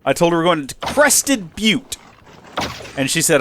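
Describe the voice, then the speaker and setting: A man's voice: sits high, big pitch swings, unhurried, a bit bright, slight background noise. An American man hosting his channel, chatting casually in a rambling, self-correcting way with emphatic asides. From United States. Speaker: channel host. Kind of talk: casual vlog chat.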